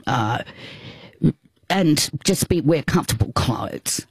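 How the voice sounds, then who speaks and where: A woman's voice: sits low, lively intonation, slow, husky, no echo, exaggerated voice. A woman imitating her exuberant female friend, who is insisting on a surprise outing, in a breezy, bossy and laughing manner. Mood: teasing, excited.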